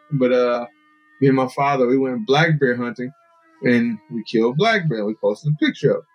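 The fighter and bowhunter returns as a podcast guest, mid-range in pitch and moderate in pace, with the highs cut off. His casual storytelling is lively, and he performs the voices of the people he quotes.

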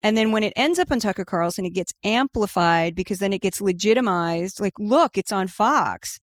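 A woman answering interview questions in a casual, animated way, full of "like" and "you know". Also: medium pitch, fairly quick, dry recording, studio quality. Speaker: guest, media newsletter writer.

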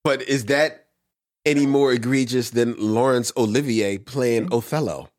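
A man's voice: medium pitch, measured pace. A man hosting a podcast, chatting casually and moving the conversation between segments. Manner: easygoing, guides the segments. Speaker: podcast host. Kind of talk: casual chat.

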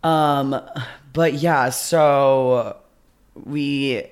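A man chiming in on a shared story in casual, gossipy chat, excitable and quick to act out quotes. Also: medium pitch. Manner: excitable, chimes in, acts out quotes.

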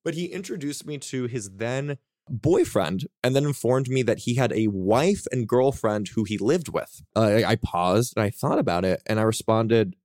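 Young man, podcast guest, blunt and profane storytelling, mid pitch, dry close sound. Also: animated, moderate pace, a little mellow, no room sound. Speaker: guest author. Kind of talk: casual podcast chat.

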